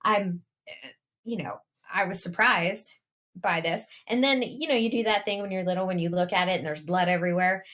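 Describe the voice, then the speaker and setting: A woman co-hosting a podcast, telling a family anecdote in a casual, animated way and laughing along the way. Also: fairly low pitch, normal speed. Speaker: podcast co-host. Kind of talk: casual storytelling chat.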